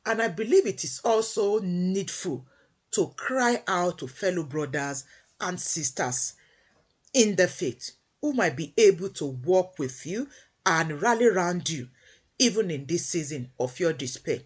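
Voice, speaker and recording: A woman preaching a devotional sermon, emphatic and repeating phrases for weight, with a husky voice. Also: on the low side, animated, unhurried.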